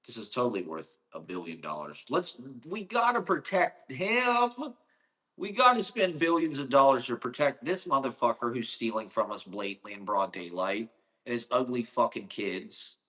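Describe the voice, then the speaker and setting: A man's voice: mid-range voice, expressive, normal speed, sharp tone. A man from Ohio delivering a casual, rambling monologue, profane and sarcastic.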